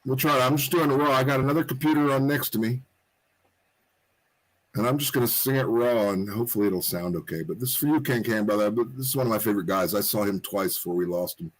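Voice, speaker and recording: A man, a guest musician chatting on a livestream, earnest and warm-hearted, talking in quick bursts. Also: medium pitch, low-quality recording. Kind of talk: casual livestream chat.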